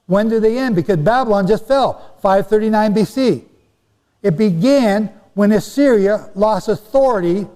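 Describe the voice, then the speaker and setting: A man with a high but mellow voice gives a Bible lecture over slides. He talks straight to his listeners, repeating and leaning on words for stress. His voice rings with the long echo of a hall. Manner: conversational, repeats and stresses words, addresses audience directly. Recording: echoey hall.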